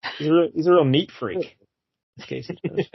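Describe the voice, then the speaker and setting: A man's voice: a little high, fairly quick, gravelly, breathy edge, dry recording, lo-fi sound. A man co-hosting a casual comic book review show, laid-back and laughing often as he recaps the story. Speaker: podcast co-host.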